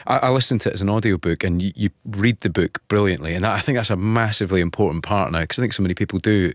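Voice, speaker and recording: A man's voice: low voice, no room sound. A man hosting a radio interview from a studio microphone, asking questions and offering the guest support and encouragement. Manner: quick, warm-hearted, supportive interviewer. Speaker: radio host.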